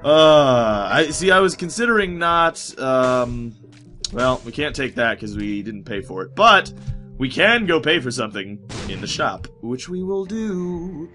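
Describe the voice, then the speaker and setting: An American gaming commentator talks through a casual let's play, chatty, excitable and rambling, swearing often. His bright, forceful voice swings widely in pitch, sounds sore and strained in the throat, and moves a little slowly, with faint music underneath.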